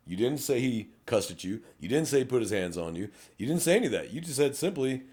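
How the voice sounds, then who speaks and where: A middle-aged man talks on a podcast as a police officer. His low voice rises and falls widely as he tells stories. His delivery is blunt and full of swearing. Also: quick pace, few pauses. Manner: blunt, profane, animated storytelling. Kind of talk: casual podcast chat.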